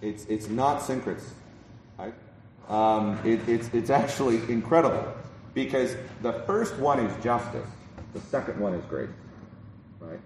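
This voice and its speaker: A man's voice: mid-range voice, animated, a little slow, a little mellow, a little hiss or hum. A man preaching a sermon in a conversational way, with many ums, restarts and repeated "right?". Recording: roomy hall from a distance.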